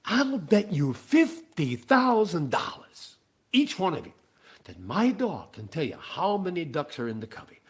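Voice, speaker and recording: A man voicing a pushy, boastful rich businessman who talks loudly and insistently. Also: a little high, sing-song, a little slow. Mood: brash. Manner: loud, brash and insistent.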